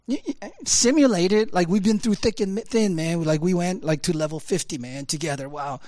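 Preaching in an informal, energetic way, this man speaks a little quickly, leaping from booming, high stresses to soft, low side remarks. Laughter and filler words pepper his talk, which has no echo.

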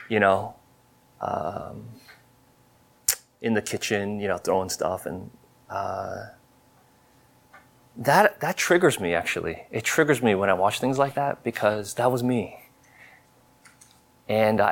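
A man in his thirties telling a personal testimony in a sermon, earnest and confessional, halting with many fillers and restarts. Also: lowish voice, gravelly. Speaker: preacher.

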